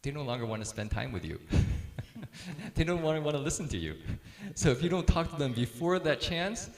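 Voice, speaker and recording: A man's voice: a little high, lively intonation, moderate pace, roomy sound. A middle-aged man speaking casually to a group about parenting, telling stories and laughing easily as he acts out quotes.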